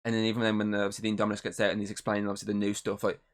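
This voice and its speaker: A man co-hosting a podcast, chatting excitedly and rambling about a movie with lots of swearing. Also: on the low side, very fast. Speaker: podcast co-host. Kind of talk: casual movie review chat.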